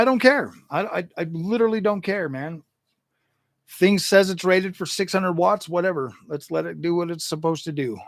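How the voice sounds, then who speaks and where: A man hosts a tech channel in a casual, animated rant, stammering and doubling back on his words. His voice is a touch high with a gravelly edge. The sound is dry and close. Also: no room sound. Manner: animated, exasperated, stammers and repeats himself. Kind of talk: casual livestream chat.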